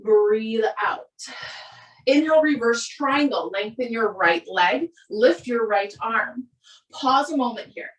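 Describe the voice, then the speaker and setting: Minnesotan lady teaching yoga, calm steady cues, kinda high voice, sounds far from the mic. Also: slow pace. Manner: calm, steady breath-paced cueing. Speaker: yoga instructor. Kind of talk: guided yoga class cues. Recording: roomy echo, voice from a distance.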